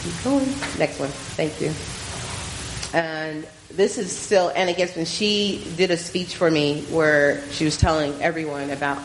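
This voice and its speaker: A woman's voice: low voice, unhurried, slight background noise, rough recording. A woman missionary giving an informal testimony and slideshow talk, telling her story with animation and acting out the voices of the people in it.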